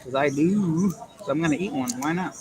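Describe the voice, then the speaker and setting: Speaking at a moderate pace in a voice on the high side, a Canadian man streams live from an airport transit area using his phone. He rambles and jokes candidly while reading viewer comments, as busy crowds chatter and PA announcements sound in the background.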